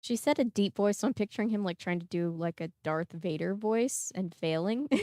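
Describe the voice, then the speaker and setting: Smooth-voiced woman reading a novel aloud. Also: medium pitch, expressive, moderate pace, warm tone, dry recording, studio quality. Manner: chatty asides, laughs at herself. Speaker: book reader and vlog host.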